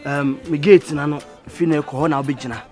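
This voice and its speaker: A man's voice: on the high side, steady tone, fairly quick, natural voice. An actor playing a bossy Ghanaian man who barks orders at his staff, in a film with music behind. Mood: stern. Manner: shouting commands. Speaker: boss giving orders to staff.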